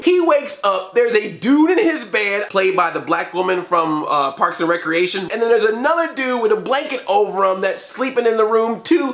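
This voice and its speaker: Animated laughing man reviewing movies. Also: sits high, reverberant. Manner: animated, laughing, mock-outraged.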